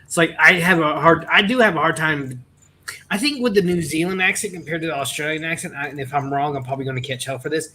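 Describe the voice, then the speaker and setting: A man's voice: a little high, fast talker, sharp tone, a little hiss or hum, low-quality recording. A man from Florida with a faint Southern accent, rambling in a casual group chat and often restarting his sentences. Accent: Southern American, mostly trained out.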